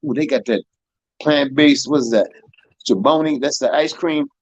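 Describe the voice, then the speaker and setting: A man hosting a live stream, telling stories in a profane, animated way that swings from loud to soft. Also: mid-range voice, moderate pace, dry recording, muffled recording. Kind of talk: casual storytelling chat.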